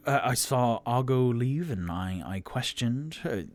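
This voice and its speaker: A man voicing a courteous young nobleman who speaks softly and politely, with halting restarts. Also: mid-range voice, expressive, no echo, lightly acted. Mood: congratulatory.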